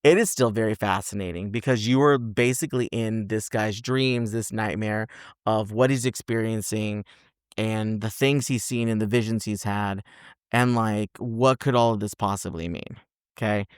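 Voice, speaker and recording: A man's voice: on the low side, normal speed, smooth, no room sound, clean studio sound. A man co-hosting a casual film review podcast, recapping a plot and acting out its characters in exaggerated voices. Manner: animated storyteller, acts out characters with exaggerated voices. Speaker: podcast co-host.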